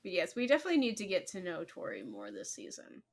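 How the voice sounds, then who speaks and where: A woman co-hosting a casual book club chat, speaking emphatically and excitably. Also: fairly low pitch, fast, creaky. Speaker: podcast co-host.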